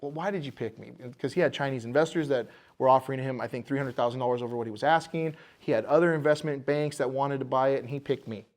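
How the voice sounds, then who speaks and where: A man's voice: mid-range voice, fast talker, hardly any pauses. A man, a bar owner, telling the story of buying his building in a casual podcast interview, acting out the voices of the people in it.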